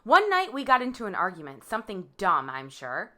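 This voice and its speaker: A woman reading her court impact statement aloud, measured and halting, stressing the quoted words. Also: mid-range voice, wildly swooping pitch, sharp tone. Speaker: victim giving a statement.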